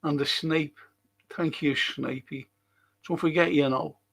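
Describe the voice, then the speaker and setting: Slow, gravelly man chatting. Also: a little high, fairly even intonation, a bit bright. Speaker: livestream host reading viewer chat. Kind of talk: casual livestream chat.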